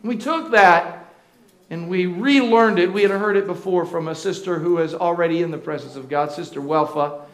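High-voiced preacher in an echoing sanctuary. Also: male voice. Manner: call-and-response with the congregation; swings between slow shouted emphasis and soft, breathy asides. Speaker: pastor. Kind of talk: sermon. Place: church sanctuary. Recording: roomy echo of a church hall.

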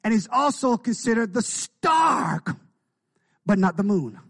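A pastor preaching a sermon, with call-and-response "come on" asides, building to shouts of excitement. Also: male voice, sits high, unhurried, vocal fry.

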